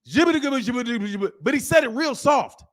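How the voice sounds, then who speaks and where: A man hosting a boxing channel, talking casually to his camera in animated, slangy commentary with frequent laughter. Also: very high-pitched, drawn-out words. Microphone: camera mic.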